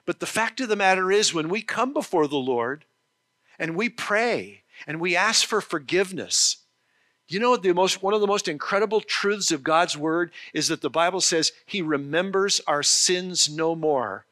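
Bright-voiced man preaching a sermon. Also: sits high, expressive. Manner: earnest, with frequent restarts and slow emphasis on key phrases. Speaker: pastor.

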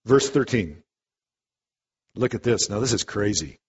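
A man preaching a sermon in a conversational, animated way, often restarting his words. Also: lowish voice, measured pace, slightly rough. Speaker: pastor. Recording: muffled echoey hall.

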